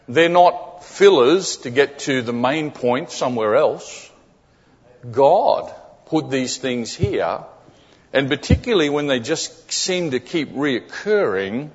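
A man with a husky voice preaches to a congregation, chatting with them and checking that they are following along. The sound carries a long reverb from the church hall. The recording is dull and lo-fi. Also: mid-range voice. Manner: conversational, often checking in with the congregation; repeats key phrases for emphasis. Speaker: guest preacher. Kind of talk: sermon. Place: church sanctuary.

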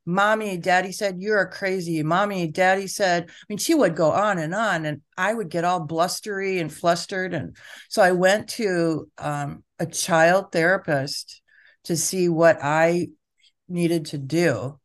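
A woman therapist telling stories in conversation, acting out quotes with lively jumps in her voice. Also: measured pace. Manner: animated, acts out quotes with pitch jumps. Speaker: family therapist. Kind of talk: conversational storytelling.

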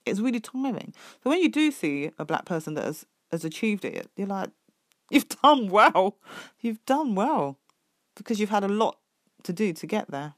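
A middle-aged woman, telling her own story as a parent in an emphatic, animated way. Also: medium pitch, brisk, no echo, clean studio sound. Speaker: parent sharing her experience. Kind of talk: personal podcast testimony.

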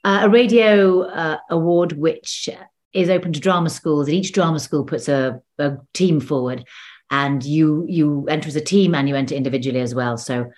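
A woman's voice: sits low, moderate pace, darkish tone. A woman actor talking casually in an interview over a video call, chatty and full of restarts. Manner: chatty, restarts often, laughs between stories. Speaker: actor and guest.

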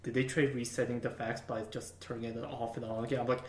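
A man's voice: medium pitch, level tone, fairly quick, far from the mic. A man who works IT help desk tells work stories casually, swearing and laughing. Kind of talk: casual chat. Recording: echoey room, off-mic.

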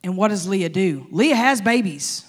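A woman pastor delivering a sermon in a lively, joking, conversational way. She talks to the congregation directly and casually, with plenty of everyday slang. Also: mid-range voice, unhurried, breathy edge. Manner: animated, humorous, conversational.

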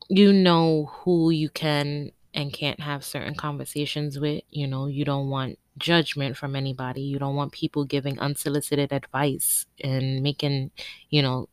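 A woman in her twenties from Harlem, New York City, hosting her own podcast and telling her personal story in a candid, emotional way, with frequent ums and soft laughs. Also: low voice, clear, resonant tone, no room sound, studio quality. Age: 20s. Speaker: podcast host.

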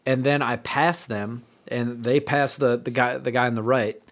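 A man's voice: medium pitch, steady tone, normal speed. A man co-hosting a podcast, ranting emphatically in casual chat with some swearing. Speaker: podcast co-host.

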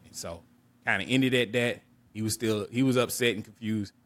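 Speaking at a moderate pace, this adult male podcast co-host has a lowish voice with fairly even intonation and a slightly bright tone. His personal story comes out candid, earnest and reflective, full of restarts and repeated words.

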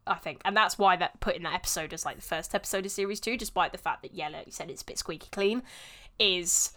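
A woman's voice: fairly low pitch, quick pace, fairly bright tone. A woman co-hosting a podcast in casual chat, talking enthusiastically with lots of filler words. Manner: chatty, frequent "like" fillers, enthusiastic. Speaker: podcast co-host.

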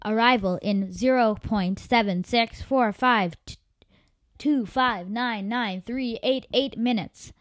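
A woman's voice: on the high side, slow, no room sound. A woman voicing the automated announcement voice of a desert glider's control panel. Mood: announcing.

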